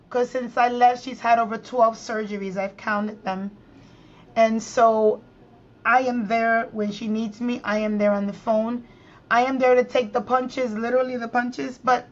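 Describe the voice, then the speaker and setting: A middle-aged woman from New York speaks as a podcast guest, retelling family memories with heavy emphasis and repeated phrases. Her voice sits a little high. The recording sounds slightly dull and lo-fi. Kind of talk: emotional personal storytelling in conversation.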